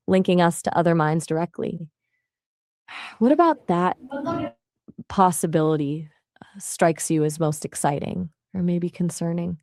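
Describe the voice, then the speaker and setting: A chatty, polite woman's voice as an AI assistant, talking casually and asking follow-up questions. Her voice sits a little low. The sound is close and dry. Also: darkish tone, no room sound. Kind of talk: casual chat.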